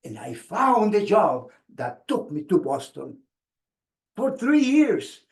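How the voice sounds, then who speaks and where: A man, giving an expressive motivational speech with dramatic pauses. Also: sits high. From Mexico. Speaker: speaker. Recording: echoey room.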